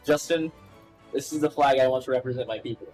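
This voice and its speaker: A man's voice: medium pitch, fast talker, darkish tone, soft background music, poor audio. A man chatting casually while playing a game, laughing often, swearing and cracking crude jokes.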